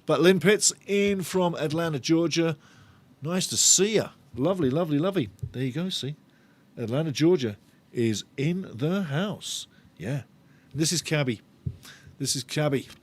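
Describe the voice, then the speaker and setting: A man's voice: fairly high pitch, expressive, normal speed. Chatty man hosting a football live stream. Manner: chatty, reads out viewer comments, banters; jokey and sarcastic. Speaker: fan channel host of a match watch-along. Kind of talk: live-stream chat and match talk.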